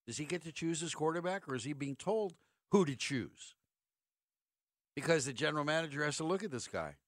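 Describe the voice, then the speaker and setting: A man's voice: fairly high pitch, expressive, brisk, fairly bright tone, no room sound, clean studio sound. A middle-aged man hosting sports talk radio, ranting sarcastically and firing off rhetorical questions.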